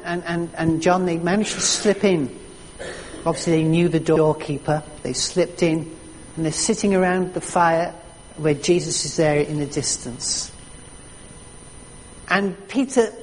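A preacher delivering a sermon with slow, emphatic storytelling. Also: medium pitch, a little mellow, slight background noise. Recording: echoey hall reverb.

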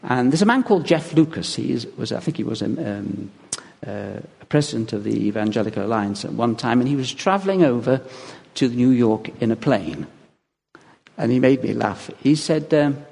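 A man preaching from the pulpit, his gravelly, husky voice rising and falling with real animation. He tells his stories with chuckles, and a long reverb from the big church hall trails after each phrase. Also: mid-range voice, moderate pace. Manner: lively anecdotal preaching with chuckles. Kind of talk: sermon.

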